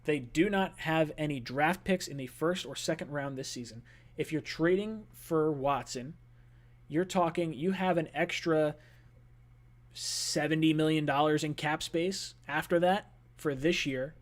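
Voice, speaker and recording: A man's voice: a little high, unhurried. A man hosting a sports fan call-in show, talking loosely and chattily with lots of filler words. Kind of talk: casual sports talk.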